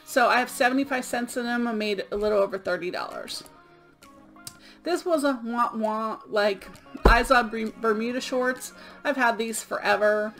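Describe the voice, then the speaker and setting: A woman's voice: on the high side, moderate pace, fairly bright tone. Middle-aged woman vlogger, upbeat and chatty, a bit winded from illness, light background music. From Florida. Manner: chatty, upbeat, many ums. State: sick, out of breath. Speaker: eBay reseller vlogger. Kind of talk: casual show-and-tell vlog.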